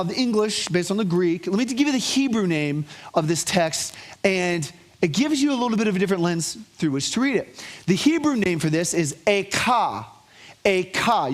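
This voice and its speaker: High-voiced man preaching a lively sermon. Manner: animated storytelling with call-and-response. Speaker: pastor.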